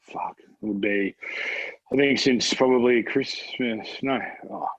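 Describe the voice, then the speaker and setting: A man in his thirties with an Australian accent, telling stories in a relaxed podcast chat, swearing freely and laughing often. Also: medium pitch, slow, dry recording, lo-fi sound. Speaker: podcast guest. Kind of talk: casual chat.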